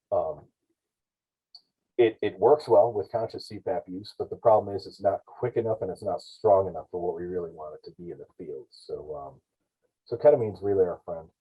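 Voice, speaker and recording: A man's voice: deep voice, normal speed, warm tone, husky. A man on a podcast explaining paramedic practice in a rambling, self-correcting way. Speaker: paramedic guest. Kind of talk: podcast discussion. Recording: dull lo-fi podcast audio.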